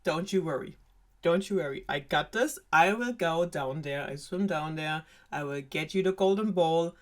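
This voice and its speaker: A woman's voice: low-pitched, normal speed, natural voice. A talking frog who chats in casual slang and pushes his own terms, as a German woman puts him on. He is friendly and a bit demanding, with a German accent. The voice stays close to the storyteller's own. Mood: chummy.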